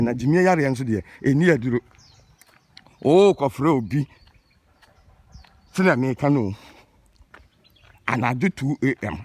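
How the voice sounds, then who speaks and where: A man's voice: mid-range voice, darkish tone, no echo. A man from Ghana with a Ghanaian accent, scolding and ranting in an exasperated casual monologue. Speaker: vlogger.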